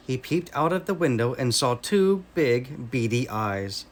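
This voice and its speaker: Slow, expressive American storyteller man. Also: medium pitch. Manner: slow expressive read-aloud. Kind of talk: children's story reading.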